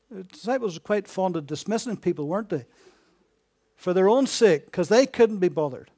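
A man preaching a sermon, asking his listeners rhetorical questions and swinging between hushed and emphatic delivery. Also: high-pitched, a little fast.

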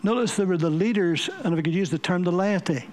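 A man preaching a sermon in a high voice. He tells his stories vividly, repeating words and phrases for emphasis as he builds them up. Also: fast, slight background noise. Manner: vivid storytelling with emphatic repetition.

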